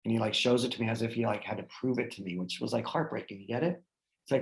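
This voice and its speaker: A man with a gravelly, creaky voice tells a personal story to his guests in an earnest, heartfelt way. He leans on fillers like "like" and "you know" as he goes. The sound is roomy and echoey. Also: medium pitch, quick pace. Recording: roomy echo.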